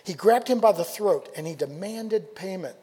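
A male pastor preaching a sermon, telling a story with animated delivery, asking rhetorical questions and dropping to quiet emphasis. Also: high voice, moderate pace, slightly rough. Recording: long hall reverb.

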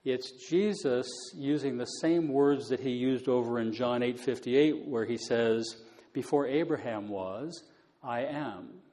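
A man's voice: mid-range voice, unhurried, warm tone. Man teaching scripture with long reverb. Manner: conversational, many fillers, paraphrases scripture casually. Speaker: bible teacher. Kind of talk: bible teaching talk.

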